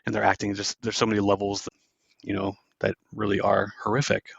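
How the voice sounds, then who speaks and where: Low-voiced guy on a pop culture podcast, muffled dry mic, recaps scenes and does the lines. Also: monotone, creaky, slightly rough, dry recording. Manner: retells scenes, acting out lines in quick voices. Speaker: podcast host. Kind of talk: casual movie recap chat.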